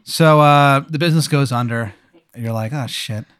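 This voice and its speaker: A man telling a rambling, deadpan improvised story, full of fillers. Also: medium pitch, normal speed, clean tone, no room sound.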